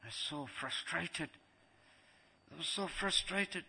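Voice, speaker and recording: A man's voice: a little high, unhurried, creaky, breathy edge. A man giving a devotional lecture as a spiritual teacher, repeating phrases for emphasis and acting out scenes. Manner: animated, acts out scenes.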